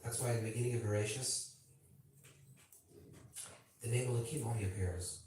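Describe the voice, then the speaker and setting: A man, a rabbi, gives a casual teaching talk at a gathering, checking in with his listeners and joking with them as he goes. His voice sits at an ordinary middle pitch. He is heard from a distance in a very echoey room with a faint hiss underneath. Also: moderate pace, darkish tone. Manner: conversational, keeps checking in with listeners; playful asides and banter with the audience.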